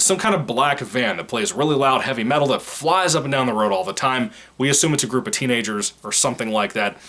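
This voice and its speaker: A man reviewing a film in an unscripted, rambling monologue. He is blunt and opinionated and swears often. His voice sits at an ordinary middle pitch for a man. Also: a bit bright. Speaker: movie reviewer. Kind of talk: casual spoken film review.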